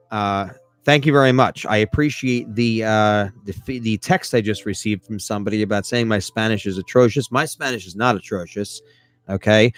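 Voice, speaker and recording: A man hosting a live podcast in a casual chat style, animated and self-mocking, and he keeps asking listeners for feedback. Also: lowish voice, dry recording. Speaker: podcast host.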